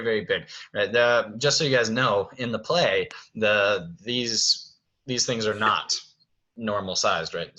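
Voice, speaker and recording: A man's voice: mid-range voice, sharp tone. A man directing a show, explaining stage blocking in a friendly way and thinking aloud. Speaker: theater director.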